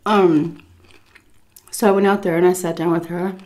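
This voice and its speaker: A woman telling a casual story at her dinner table at home, chatty and full of "like" and "um", pausing now and then to eat. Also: lowish voice, level tone, a little mellow. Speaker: YouTuber telling a story while eating. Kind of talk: casual storytelling over a meal.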